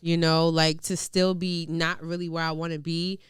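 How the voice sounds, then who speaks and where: A woman's voice: low voice, level tone, moderate pace, clean tone, no room sound, clean studio sound. A young woman hosting a podcast, chatting frankly and curiously in a casual way, with lots of "like" and "you know". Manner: frank, curious, heavy on filler "like". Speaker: podcast host. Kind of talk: casual chat.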